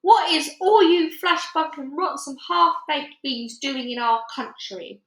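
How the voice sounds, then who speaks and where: A brutish, cowardly man-eating giant hollers and drags out his words in broken grammar, as a woman puts him on. The voice is raised, loud and bright. A roomy echo hangs around it. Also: high-pitched, pitched above the performer's own voice. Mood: menacing. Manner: bellowing, drawn-out, mangled grammar.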